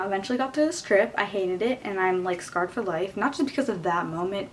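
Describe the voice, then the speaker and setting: A young woman tells a storytime to her camera in a loose, exasperated chat, leaning on "like" and "you know." Her pitch sits in the middle for a woman. A faint hum of noise runs under the recording. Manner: casual, exasperated, heavy use of "like". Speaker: vlogger. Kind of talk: storytime vlog.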